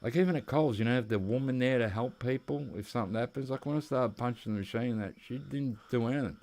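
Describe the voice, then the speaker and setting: This Australian gaming commentator has a medium-pitched, slightly mellow voice and a quick pace. Playing a hunting game, he keeps up casual, rambling storytelling.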